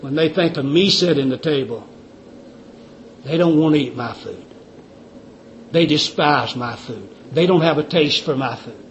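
A man's voice: fairly high pitch, normal speed, long pauses, a little hiss or hum, voice pushed down, close to an everyday voice. A man voicing a stern, wise male lord who is angry at the guests. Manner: authoritative, stern. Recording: dull lo-fi recording.

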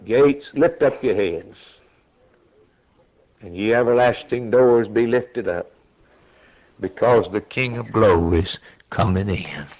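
A man preaching at an unhurried, deliberate pace. His delivery is dramatic, rising to loud, high-pitched cries. The recording is dull and lo-fi. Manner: slow, dramatic preaching that climbs to high shouted peaks. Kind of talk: sermon.

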